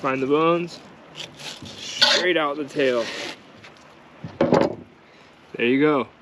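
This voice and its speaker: A male vlogger with a voice on the high side talks slowly, casually, and matter-of-factly, walking viewers through a task step by step in how-to narration. The recording is very noisy.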